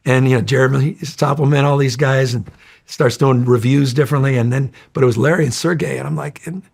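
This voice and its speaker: A middle-aged man telling stories in a casual interview, energetic, rambling and profane. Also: mid-range voice, fairly quick, gravelly. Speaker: interview guest.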